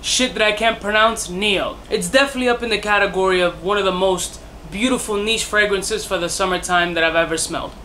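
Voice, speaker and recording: A man's voice: high voice, brisk, hardly any pauses, sharp tone, slight background noise. A man reviewing fragrances in a casual vlog, profane and jokey, with bursts of mock outrage and self-mocking asides.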